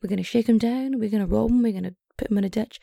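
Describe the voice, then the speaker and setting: A woman's voice: on the high side, racing, gravelly, mellow, no room sound, clean studio sound. A woman voicing a scheming male gang boss who gives blunt, matter-of-fact orders. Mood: bossy.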